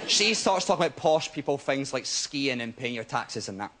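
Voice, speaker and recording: A young man doing stand-up comedy on a TV studio stage, telling stories with a lively, checking-in "right?" delivery. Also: mid-range voice, moderate pace, a loud crowd. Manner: animated storytelling, keeps asking "right?". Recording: loud audience laughter and noise.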